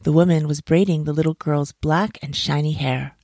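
Low, gravelly woman storyteller. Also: no room sound, clean studio sound. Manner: measured, expressive reading. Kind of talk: storybook narration.

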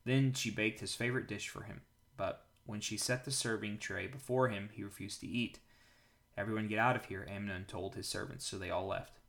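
Calm low-voiced man reading scripture. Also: vocal fry. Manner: calm, measured reading aloud. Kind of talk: daily Bible reading with prayer.

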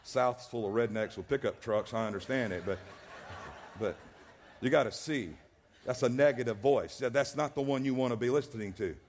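A man's voice: mid-range voice, moderate pace, a little hiss or hum. Man, pastor, emphatic preaching, repeats and restarts words. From American South. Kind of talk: sermon.

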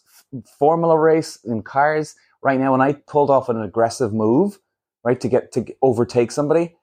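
A man hosts a casual solo podcast and rants bluntly, swearing freely. His voice is husky and slightly breathy. His pitch swings widely as he gets animated. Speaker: podcast host.

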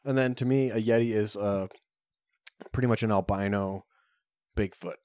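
This man co-hosts a podcast in a casual chat, rambling along with plenty of fillers and restarts. He speaks at a normal speed in a lowish, slightly mellow voice, captured as a dry, clean studio recording.

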